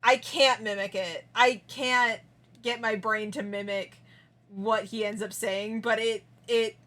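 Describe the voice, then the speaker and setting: A woman's voice: medium pitch, steady tone, slow pace, fairly bright tone. A young woman streamer chatting casually with her viewers, giggling often and trailing off into restarts.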